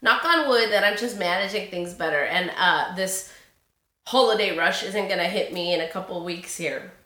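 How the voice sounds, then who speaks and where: Host: bright, lively young woman, chatty storyteller, says y'all, roomy echo. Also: on the low side, moderate pace. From Sacramento area, California. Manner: animated, acts out quotes, says y'all, laughs often. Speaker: podcast host.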